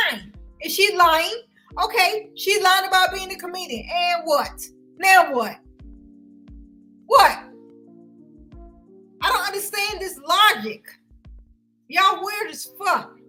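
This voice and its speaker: High, bright, heated woman ranting. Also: animated, measured pace, long pauses, faint music behind, poor audio. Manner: loud, heated and confrontational, with frequent cursing. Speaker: vlogger ranting to viewers. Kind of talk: profane livestream rant.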